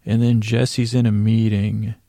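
A man's voice: on the low side, flat delivery, unhurried, mellow, no room sound, clean studio sound. A man hosting a podcast, loosely recapping a TV episode from his handwritten notes, often correcting himself. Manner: loose, meandering, self-correcting. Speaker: podcast host.

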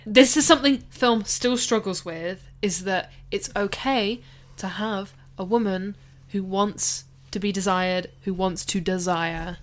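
Animated woman co-hosting a film podcast. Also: mid-range voice, unhurried, few pauses. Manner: animated, laughs often, tries voices. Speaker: podcast co-host. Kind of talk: casual film-review chat.

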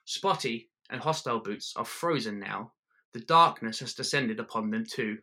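Brief: male storyteller, deadpan and wry, bright, forceful tone. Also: medium pitch, moderate pace. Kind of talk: second-person comic storytelling.

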